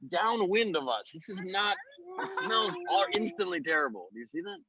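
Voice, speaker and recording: A man calls in from outdoors and makes dry, offbeat remarks in casual chat. His voice is husky and fairly bright. The call audio is dull and lo-fi. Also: sits high, very animated, moderate pace, no echo. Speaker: comedian guest. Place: outdoors on a beach.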